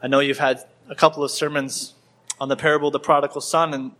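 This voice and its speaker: A man's voice: fairly high pitch, flat delivery, fast talker, a bit bright. A man preaching a sermon in church, acting out the scenes with small changes of voice and often repeating words as he goes. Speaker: pastor.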